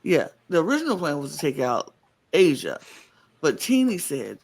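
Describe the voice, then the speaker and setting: A man's voice: fairly high pitch, moderate pace. A man co-hosting a podcast, chatting casually in a recap and often stopping to restart his sentences. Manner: animated, stops and restarts often. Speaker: podcast co-host.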